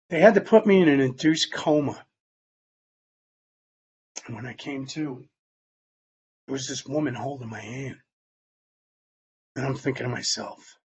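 A man telling a personal story in plain, halting words, sometimes dropping almost to a whisper. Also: mid-range voice, breathy edge, highs cut off. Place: Long Island, New York.

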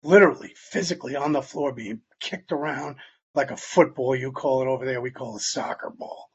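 An older man speaking in a conversational storytelling way about his recovery, acting out the dialogue he quotes, with a husky voice. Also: medium pitch, fairly quick, muffled recording, slight background noise. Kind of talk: personal testimony talk.

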